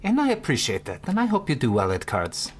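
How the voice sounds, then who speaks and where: A man's voice: mid-range voice, huge pitch swings, fast, slight background noise. A man playing a tabletop game, blunt and direct as he speaks for his character and asks the game master questions. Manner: blunt and direct, laughs often. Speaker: player.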